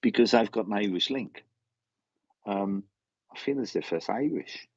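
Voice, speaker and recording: Low, husky-voiced male medium. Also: a little mellow, no echo, highs cut off. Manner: halting, repeats words while relaying messages. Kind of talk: live mediumship reading.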